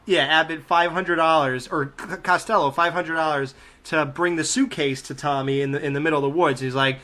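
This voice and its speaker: A man hosting a relaxed film talk, his voice sitting fairly high for a man. He swears constantly and laughs his way through retelling gags, animated and loose. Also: fairly quick. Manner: profane, animated, laughing as he talks. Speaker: podcast host. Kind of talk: casual chat.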